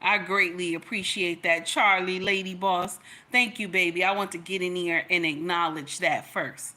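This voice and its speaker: A woman's voice: lowish voice, fairly even intonation, normal speed, bright, forceful tone. A woman from Nigeria hosting a casual commentary livestream, chatty and preachy, talking straight to her viewers. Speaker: commentary channel host.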